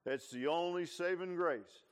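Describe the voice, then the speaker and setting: Preacher, male, folksy sermon with big swings between hollering and near-whispering; slightly high voice. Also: a little slow, clear, resonant tone. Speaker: pastor. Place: church.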